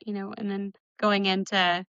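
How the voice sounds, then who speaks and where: A woman co-hosting a book discussion podcast, chatty and quick to laugh, leaning on "like" as she talks. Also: medium pitch, little pitch movement, a bit bright, clean tone, dry recording, muffled recording. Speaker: podcast co-host.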